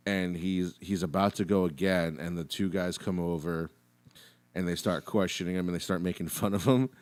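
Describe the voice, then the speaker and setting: A man's voice: sits low, moderate pace. A man co-hosting a podcast in casual chat, telling stories emphatically with plenty of swearing. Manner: animated, profane, emphatic storytelling. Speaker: podcast co-host.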